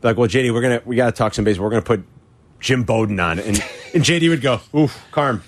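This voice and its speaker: A man hosting sports radio, sharing memories in casual chat and jumping high for quoted lines. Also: racing, a little hiss or hum. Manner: animated storyteller who jumps to a high voice for quoted lines.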